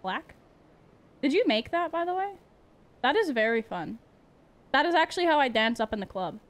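Lively high-voiced woman streaming a game. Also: moderate pace, long pauses. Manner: playful, exclaiming, chatting with viewers. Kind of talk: live gameplay commentary.

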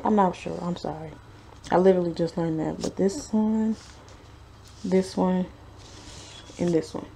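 A woman's voice: fairly low pitch, a little slow, creaky, pauses often, warm tone, slight background noise. A young woman vlogging from home, reading her study notes aloud in a casual, hedging way and often saying she is unsure. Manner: unsure, hedging, chatty with fillers. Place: at home, sister snoring nearby.

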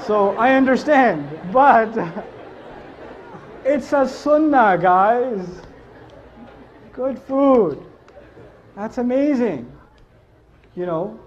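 A man giving a lively, joking lecture to a live audience, telling stories and laughing often. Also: very high voice, drawn-out words, pauses often, muffled recording, a faint crowd, slight background noise. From Pakistan. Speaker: Islamic speaker.

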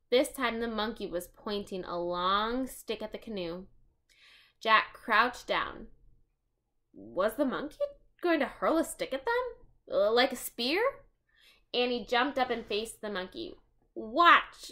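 Woman storyteller, animated reader of a kids' chapter book, bright voice. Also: on the high side. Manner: expressive, chatty asides. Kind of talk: reading a storybook aloud.

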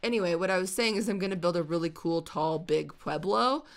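A woman hosting a video game let's-play, chatting excitably and squealing over the pets she finds. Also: lowish voice, fairly quick, gravelly. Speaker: host.

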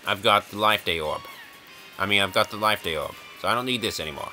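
A man's voice: lowish voice, fast talker, bright, forceful tone, soft background music. A man casually commenting while playing a video game, rambling and jokey, chuckling often. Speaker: gaming video host. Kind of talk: casual let's-play commentary.

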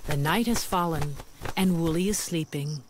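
A woman narrating a children's storybook in a slow, gentle, clearly paced reading. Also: sits low, slight background noise. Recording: loud music behind the voice.

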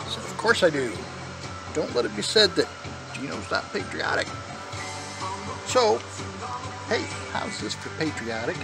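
A middle-aged man hosts a comedic vlog, delivering corny jokes and puns in a chatty, jokey monologue over background music. His high voice swings widely in pitch and sounds creaky, moving at a moderate pace with long pauses.

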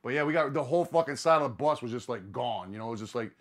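Profane, animated man telling a road story. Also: medium pitch, very fast. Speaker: podcast host. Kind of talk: casual storytelling chat.

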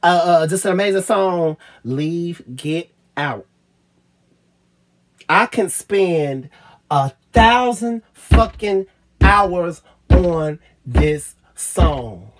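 A woman gushing over an album in a casual review vlog, swearing freely and stammering with repeated fillers, at times choking up and trailing off quietly. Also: on the low side, lively intonation, slow pace. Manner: gets choked up and trails off quietly. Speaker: music reviewer.

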